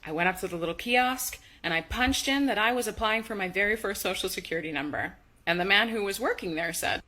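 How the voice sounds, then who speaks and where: Bright-voiced Canadian woman telling a story. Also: mid-range voice, fast. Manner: lively, laughing retelling. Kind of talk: storytelling social media clip.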